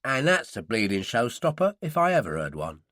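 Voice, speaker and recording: Cocky young gangster, read by a male narrator, lively and sharp. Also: mid-range voice, moderate pace, no room sound, studio quality. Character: cocky young London gangster who quotes philosophy.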